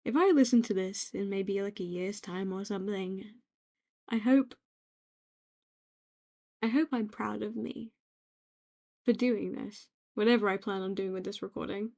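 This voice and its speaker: A young British woman gently rambling in a soft-spoken ASMR-style note to herself, reflective and quietly affirming, recorded on a home microphone. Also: mid-range voice, measured pace, long pauses. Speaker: ASMR creator.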